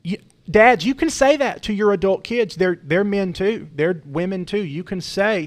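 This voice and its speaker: A man's voice: high voice, moderate pace. A young man co-hosting a podcast, telling a family story in an earnest, rambling way with many restarts. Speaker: podcast co-host. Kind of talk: casual storytelling talk.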